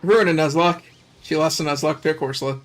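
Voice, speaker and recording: A man's voice: fairly high pitch, fairly even intonation, a little fast, a bit bright, faint music behind. A man chatting casually on a livestream, teasing and laughing often. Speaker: streamer.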